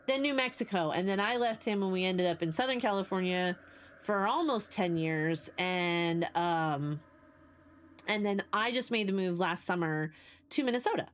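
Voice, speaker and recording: A woman in her forties from the United States, a livestreamer who chats casually with her viewers and rambles through stories while answering chat. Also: lowish voice. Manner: chatty, rambling storyteller, greets and answers chat.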